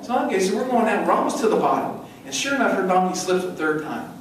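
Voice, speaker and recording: A middle-aged man giving a motivational stage talk with a joke story, an energetic storyteller who slips into high acted voices, recorded from a distance in a large conference hall. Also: quick pace, a little hiss or hum. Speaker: event speaker. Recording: echoey hall, distant mic.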